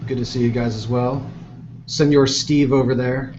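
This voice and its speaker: A man's voice: medium pitch, steady tone, normal speed, darkish tone. A man hosting a casual group video chat, bantering and teasing the others. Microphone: video call. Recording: dull lo-fi call audio with faint noise.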